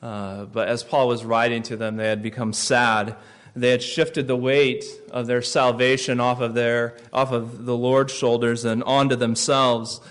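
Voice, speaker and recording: Male pastor, mid-range voice, expressive sermon delivery with dramatic quiet moments. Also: mid-range voice, smooth. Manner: storytelling with dramatic drops to soft, slow phrases.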